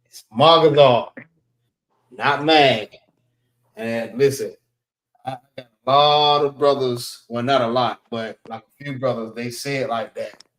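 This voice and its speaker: A man teaching a class, slowly sounding out letters one by one and repeating himself. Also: mid-range voice, steady tone, fairly bright tone, roomy sound, rough recording. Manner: slow, repetitive, spells out sounds one by one. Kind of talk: classroom language lesson. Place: library meeting room.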